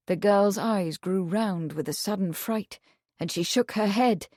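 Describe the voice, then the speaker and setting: A woman narrating an audiobook mystery in a slow, expressive storytelling manner. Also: medium pitch, dry recording, clean studio sound. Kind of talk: scripted narration.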